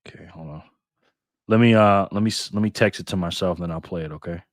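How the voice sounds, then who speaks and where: An older man hosting a casual live stream, loudly greeting viewers by name and muttering to himself while he fiddles with his phone. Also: low-pitched, fast, dry recording, clean studio sound. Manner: loud upbeat shout-outs, drops to mutters while fiddling with phone.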